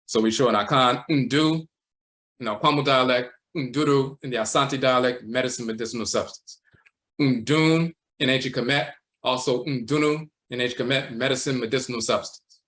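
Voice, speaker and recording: A man teaching a livestream lecture, walking slowly through words and terms, repeating them and often tacking on "and so forth.". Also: medium pitch, fairly even intonation, fairly bright tone. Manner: measured, repeats terms and says "and so forth" a lot. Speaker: teacher of a spiritual tradition.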